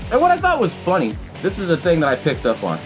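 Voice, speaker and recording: A man hosting a podcast, casually recapping a film in a profane, animated way and acting out the characters' lines. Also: fairly high pitch, quick pace, music in the background. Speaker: podcast host.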